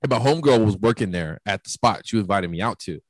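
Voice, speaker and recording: This young man speaks quickly in a lowish voice, the recording dry. Chatting casually, he recounts a party story full of swearing and animatedly performs the quoted lines of everyone involved.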